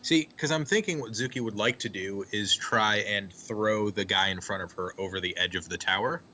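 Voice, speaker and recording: A man's voice: on the low side, normal speed, pushed and bright, slight background noise. A man playing a tabletop game, planning his character's move in a dry, thoughtful way. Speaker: player. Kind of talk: casual tabletop game chat.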